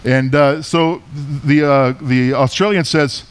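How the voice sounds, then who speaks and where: A man's voice: mid-range voice, unhurried, few pauses, smooth. A middle-aged man giving a casual, chatty lecture on a country's culture, joking as he goes and often correcting himself mid-sentence. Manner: chatty, jokey, self-correcting. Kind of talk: casual travel lecture with storytelling.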